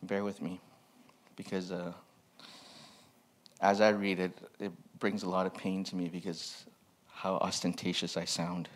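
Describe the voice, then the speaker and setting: A man's voice: sits low, little pitch movement, measured pace, long pauses. Candid, self-mocking male pastor. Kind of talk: personal sermon reading from an old journal.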